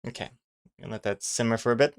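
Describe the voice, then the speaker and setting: A man's voice: mid-range voice, quick pace, a little hiss or hum. A man chatting casually and joking at his own expense while he draws comics on a live stream, reading chat messages aloud. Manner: self-mocking, jokey, reads chat aloud.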